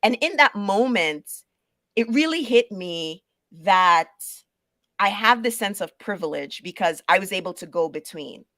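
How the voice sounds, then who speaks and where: Jamaican-born woman guest, lively storyteller, dry close mic. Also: mid-range voice, unhurried, no room sound. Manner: animated storyteller who acts out quoted voices. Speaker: guest, paralegal manager. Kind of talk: conversational interview storytelling.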